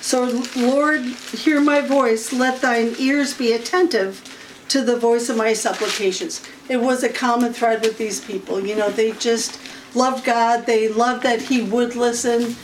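A woman leads an informal Bible study in a slow, unhurried way, often pausing to clear her throat. Her voice sits a little high for a woman. She is recorded from some distance, with faint room noise behind her. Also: fairly even intonation.

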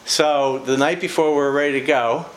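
Speaking at a moderate pace with a steady tone and a voice on the high side, this older preacher shares personal stories in an informal devotional talk. His manner is folksy and chatty, full of laughs and fillers. The room echoes and carries faint ambient noise.

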